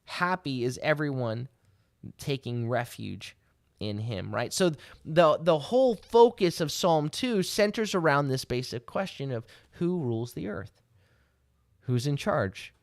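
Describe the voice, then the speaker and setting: A man's voice: fairly high pitch, animated, a little slow, gravelly, no room sound, clean studio sound. A man teaching as a rabbi, explaining scripture verse by verse, often asking "right?" and rising to emphatic exhortation. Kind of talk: sermon teaching.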